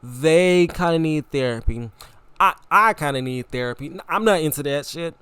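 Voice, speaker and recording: A young man hosting a podcast, talking in a casual, animated, repetitive way with frequent laughter. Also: a little high, normal speed, clean tone, dry recording. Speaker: podcast host. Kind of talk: casual opinion monologue.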